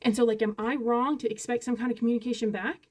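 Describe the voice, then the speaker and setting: A mother in her forties ranting casually to the camera, exasperated and retelling conversations in quick bursts. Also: a little high, steady tone, a little mellow. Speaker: parent vlogger. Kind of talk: frustrated casual rant to camera.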